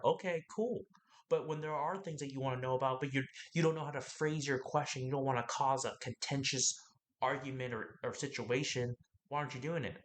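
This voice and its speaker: A man hosting a podcast, giving an animated, preachy motivational talk that rambles and fires questions at the listener. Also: mid-range voice, brisk. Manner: animated and preachy, asks the listener questions, acts out other people's lines; rambling, with laughs and restarts.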